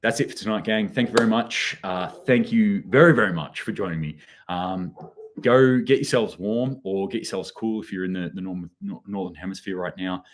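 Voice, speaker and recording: Deep-voiced male host, loose off-the-cuff news commentary, reads out chat comments. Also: moderate pace, a little hiss or hum. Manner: rambling, many fillers and restarts, reads out chat comments.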